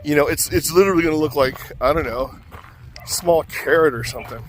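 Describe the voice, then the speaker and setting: A man's voice: on the high side, brisk, a little hiss or hum. A man vlogging, telling a rambling, self-mocking story full of fillers.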